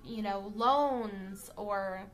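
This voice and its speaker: With a mid-range voice and drawn-out words, a woman gives a casual, chatty tarot card reading. She speaks bluntly, lets out the odd swear word, and repeatedly checks in with "okay?" and "all right?"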